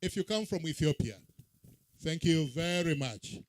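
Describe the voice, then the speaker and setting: A man emceeing an event, his voice pitched a little high and carried dry and close over a handheld mic. He calls out names with punchy rising emphasis, as if to a crowd. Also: lively intonation, normal speed, no echo. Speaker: master of ceremonies. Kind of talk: event emcee roll call. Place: outdoor public event.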